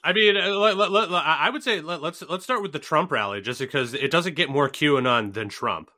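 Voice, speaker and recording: A man's voice: a little high, expressive, a little fast, pushed and bright. A man co-hosting a podcast in casual, joking chat, often laughing and stumbling over words. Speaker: podcast co-host.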